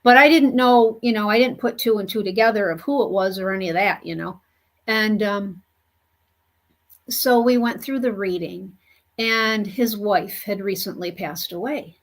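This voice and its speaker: A woman medium telling a story in an earnest, unhurried way, with many "you know" fillers. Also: medium pitch. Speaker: spiritual medium. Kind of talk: storytelling monologue.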